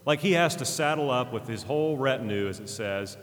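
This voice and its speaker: A man's voice: mid-range voice, expressive, fairly quick, long reverb tail. A man preaching a conversational, earnest sermon, retelling a scripture story with frequent fillers and restarts. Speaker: pastor.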